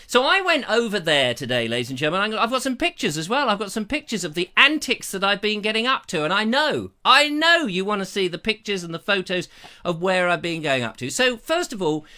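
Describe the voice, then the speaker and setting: A man chatting on a live stream, full of jokes and playful asides. His pitch swings widely from phrase to phrase, and his tone is bright and lively. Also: fairly quick. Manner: jokey, rambling, playful asides. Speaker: host.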